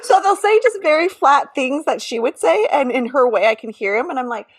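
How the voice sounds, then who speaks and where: A woman hosting a podcast, chatting casually with warm, giggly asides. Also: high-pitched, lively intonation, a little fast. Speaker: podcast host. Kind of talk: casual interview chat.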